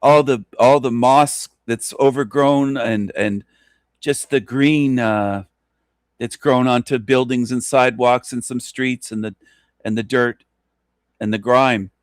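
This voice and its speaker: A man's voice: fairly even intonation, slow pace, smooth, no echo. Man in a dry-sounding rambling radio rant. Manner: rambling, repetitive, emphatic rant with sudden pitch jumps; mocking, chuckles to himself. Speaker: radio show host. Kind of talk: solo radio monologue.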